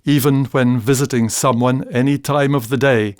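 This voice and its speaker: A man, giving a scripted narration in a measured, gently humorous storytelling manner. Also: medium pitch, fairly even intonation, no echo, clean studio sound.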